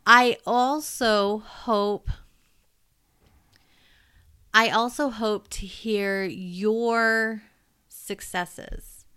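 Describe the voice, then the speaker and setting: A woman teacher telling a funny classroom story in an animated way, laughing as she goes. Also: mid-range voice, very slow, long pauses, smooth. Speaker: teacher and podcast co-host. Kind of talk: personal storytelling.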